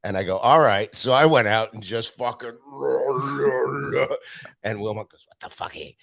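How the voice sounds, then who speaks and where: A man, a stand-up comedian from Canada, telling profane, animated anecdotes as a podcast guest. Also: medium pitch, unhurried, creaky, dry recording, clean studio sound. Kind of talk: casual storytelling interview.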